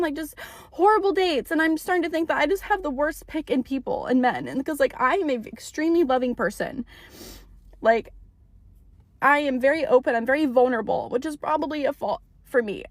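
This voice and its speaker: A young woman rants into her phone with a high, frustrated voice, swearing and repeating herself for emphasis. The sound is dry and close, with no room around her. She talks in a casual storytime manner. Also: no room sound. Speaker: TikTok storyteller. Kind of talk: ranting storytime.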